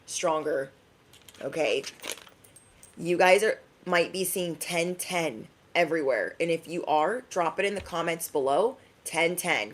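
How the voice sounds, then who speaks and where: A woman's voice: low voice, a little hiss or hum. Sassy, emphatic woman reading tarot. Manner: emphatic, sassy, repeats "okay?". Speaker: tarot reader. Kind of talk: energetic tarot reading to viewers.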